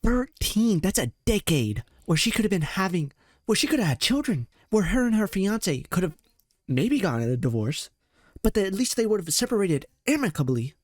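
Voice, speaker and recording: A man's voice: sits high, big pitch swings, normal speed, dry recording. This is a young man hosting a reaction commentary. His voice leaps all over its range as he rants in disbelief and swears freely. The recording is dry and close to the mic. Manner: exasperated, profane, slangy rants. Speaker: commentary host.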